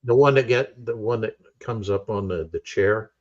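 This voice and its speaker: A man's voice: on the low side, moderate pace, a little mellow. A man in easygoing casual chat, hesitant at times, on dull muffled audio.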